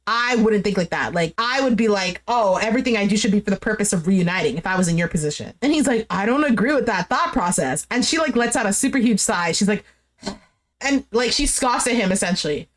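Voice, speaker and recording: A young woman casually recapping a dating show, chatty and animated, full of "like" and quoted dialogue. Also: medium pitch, fast talker, few pauses. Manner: chatty, animated retelling with lots of "like". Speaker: recap streamer.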